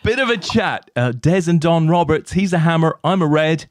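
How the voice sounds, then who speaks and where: A man co-hosting a chat show and telling a lively anecdote, often tagging his lines with "right?". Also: on the high side, moderate pace, dry recording, studio quality. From England. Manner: animated anecdote-teller, tags lines with "right?". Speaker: co-host. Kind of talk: casual storytelling chat.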